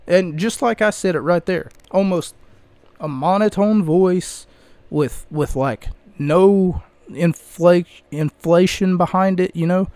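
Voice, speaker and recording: Man, podcast host, slightly high voice, dry close mic, rambling casual chat. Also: slow pace, a little mellow, no echo. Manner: rambling, chatty, frequent fillers. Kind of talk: casual solo commentary. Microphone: close microphone.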